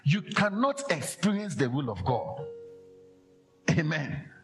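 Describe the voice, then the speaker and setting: A man preaching a lively sermon, acting out quoted voices and laughing often. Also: fairly high pitch, takes it slowly, creaky, faint music behind.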